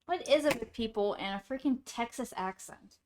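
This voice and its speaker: A woman with a somewhat high-pitched voice talks casually on a live stream. She rambles as she reacts to comments from her viewers, in an easy, chatty way. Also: expressive, moderate pace, a little hiss or hum. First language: English. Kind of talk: casual chat.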